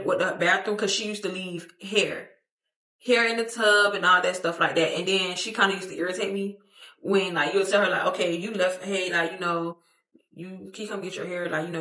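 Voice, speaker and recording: A young woman tells a casual storytime vlog, her voice bright and forward. She is animated and slangy, swears freely and acts out what others said. The sound is roomy, with a noticeable echo. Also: lowish voice. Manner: expressive, slangy, profane, acts out quotes, laughs often. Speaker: storytime vlogger. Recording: echoey room.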